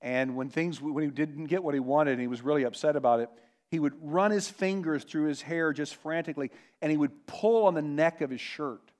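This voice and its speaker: A man's voice: on the high side, darkish tone. Earnest male pastor preaching. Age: adult parent. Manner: earnest, emphatic, slows down on key words. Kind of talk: sermon.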